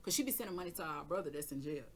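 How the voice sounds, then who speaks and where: A woman's voice: low voice, animated, very fast, heavy background noise. A woman tarot reader hosting her own channel, telling a personal story in a casual, emphatic way, swearing freely and acting out her side of an argument.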